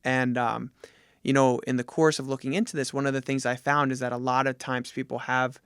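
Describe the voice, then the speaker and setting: A man's voice: mid-range voice, flat delivery, brisk, a bit bright, clear, resonant tone, dry recording, studio quality. A man from New Jersey, a gym owner and jiu jitsu coach, talking reflectively as a podcast guest. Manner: reflective, thoughtful, with many fillers. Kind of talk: casual conversation.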